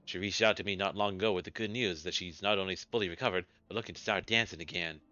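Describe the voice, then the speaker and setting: Dude voicing a smug loan shark, quick wry read, bright lowish voice, dull audio. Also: male voice, dry recording. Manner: quick, wry reading of character lines. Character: male loan shark, smug and money-minded. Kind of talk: let's play character voice. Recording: dull lo-fi recording with game music.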